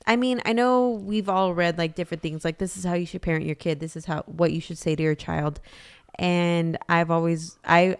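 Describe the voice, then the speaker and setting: A woman's voice: on the low side, a little mellow, clear, resonant tone. A woman co-hosting a podcast, talking casually about her family with lots of "like" fillers. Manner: chatty, many "like" fillers. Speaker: podcast co-host. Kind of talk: casual chat.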